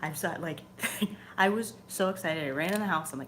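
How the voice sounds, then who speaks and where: A woman's voice: on the low side, a little fast, fairly bright tone, a little hiss or hum. A young woman on her channel, telling a story in a casual, chatty way, swearing freely and sometimes dropping to a whisper. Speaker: channel host. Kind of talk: casual chat.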